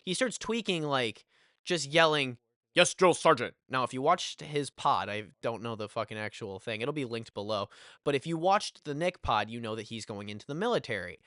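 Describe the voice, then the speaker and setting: A young man telling a casual storytime, animated and full of swearing and filler phrases. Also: medium pitch, moderate pace, dry recording, studio quality.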